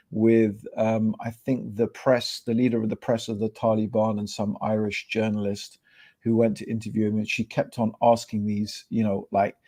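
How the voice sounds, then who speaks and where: A middle-aged man with a mellow, warm voice, talking casually on a podcast. He is animated and keeps tossing in "bro" and "right?" as he goes. His pitch sits in the middle range for a man. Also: creaky. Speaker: podcast co-host. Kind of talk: casual chat. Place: podcast studio.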